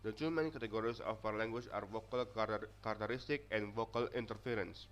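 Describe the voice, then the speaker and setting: A man's voice: on the low side, fast talker, a bit bright. A young man with an Indonesian accent, whose first language is Indonesian, giving a student class presentation and reading from notes with frequent restarts and stumbles. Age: young adult. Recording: dull lo-fi audio.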